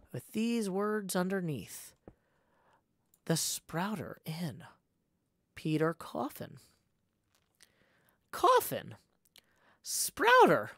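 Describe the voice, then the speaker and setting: A woman reads aloud from a classic novel for her stream, taking her time over each phrase and giving the lines an expressive lift. Her voice sits in an ordinary middle range and sounds close and dry, with no room around it. Now and then she trips on a word and corrects herself. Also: mid-range voice, dry recording. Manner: expressive reading with small stumbles and self-corrections. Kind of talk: unhurried dramatic read-aloud.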